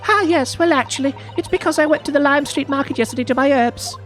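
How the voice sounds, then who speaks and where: A woman's voice: high voice, fast talker, soft background music, voice pushed up, close to an everyday voice. A woman voicing a sweet, cheerful young girl in a game dub, speaking politely and eagerly.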